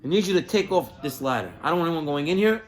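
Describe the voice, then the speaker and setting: A man playing a wealthy landowner who barks brisk orders at his servant. His voice sits fairly high and his manner is impatient and instructing. It is a plain, light sketch within a spoken parable. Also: animated, soft background music, close to an everyday voice. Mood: bossy. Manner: bossy, instructing commands. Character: rich, exasperated older male estate owner.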